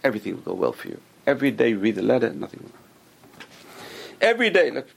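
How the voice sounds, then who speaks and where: A man's voice: mid-range voice, very animated, rapid-fire, gravelly, husky. A man teaching a religious class to a group, telling stories with restarts and acted-out quotes. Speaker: Torah teacher.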